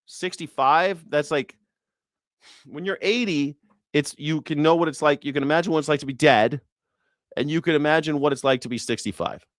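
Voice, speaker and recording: A man's voice: on the high side, brisk, no room sound, clean studio sound. A man hosting a news reaction show, talking in a casual, profane and sarcastic rant. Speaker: host.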